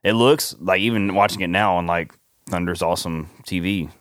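Deep-voiced man sharing movie trivia. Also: a bit bright, no room sound, studio quality. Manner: shares behind-the-scenes trivia in halting restarts. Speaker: podcast co-host. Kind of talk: casual chat.

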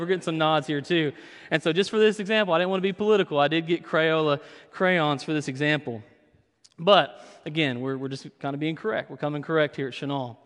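A young pastor tells funny stories in a sermon, in a fairly high voice. He is preaching in a church sanctuary. The sound rings with a long hall reverb. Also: brisk, a bit bright. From Kentucky. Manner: humorous storytelling.

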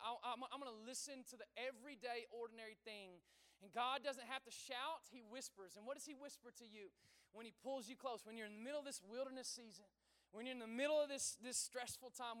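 A man's voice: very high-pitched, bright, forceful tone, clear, resonant tone, long reverb tail. A man preaching a sermon in a church, talking conversationally, asking the congregation questions and repeating his phrases. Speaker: pastor.

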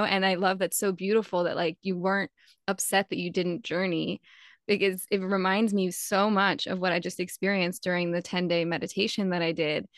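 A woman hosts a casual interview at a middle pitch, affirming her guest and adding quick, encouraging replies. Her voice sounds close and dry, with no room echo. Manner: warm, affirming, quick with back-channel replies. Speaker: podcast host.

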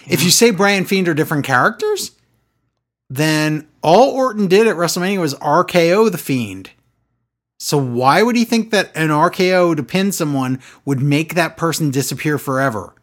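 A man co-hosting a casual wrestling recap podcast, talking in an animated way and acting out quotes in exaggerated voices. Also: a little high.

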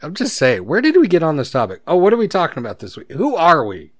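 A man's voice: on the high side, huge pitch swings, quick pace, no room sound, clean studio sound. A man co-hosting a casual podcast, telling rambling stories and laughing often. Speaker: podcast co-host.

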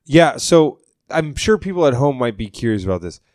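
A man's voice: mid-range voice, very animated, normal speed, a little mellow, no room sound, studio quality. A man hosting a comedy podcast, reacting to clips with profane, mocking commentary and impressions. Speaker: podcast host.

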